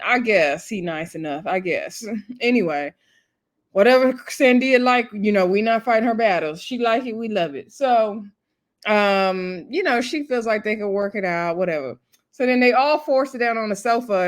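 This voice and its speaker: Speaking at a medium pitch, a woman hosts a relaxed, chatty recap of a reality TV episode. Her delivery is easygoing, full of fillers and asides punctuated by laughter.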